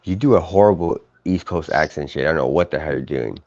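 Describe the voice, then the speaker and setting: Deep-voiced man in crude banter. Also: fast, darkish tone, no echo. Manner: rambling, profane, many restarts. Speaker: live stream co-host. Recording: dull lo-fi stream audio.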